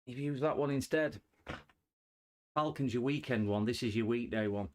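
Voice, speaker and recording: A man's voice: mid-range voice, normal speed, a little hiss or hum. A man chatting casually and cracking puns to viewers while he works on a live stream repair. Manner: chatty, joking with chat viewers, punny. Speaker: livestream host repairing electronics.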